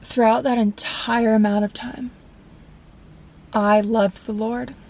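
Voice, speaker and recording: A woman's voice: on the high side, level tone, takes it slowly, darkish tone, low-quality recording. A woman in her twenties, host of a faith podcast, telling her personal testimony in an earnest, confessional way and acting out her past conversations.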